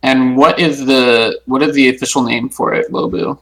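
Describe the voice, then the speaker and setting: A man's voice: mid-range voice, steady tone, moderate pace, low-quality recording. A man playing a tabletop game in character, stammering and playful. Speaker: player.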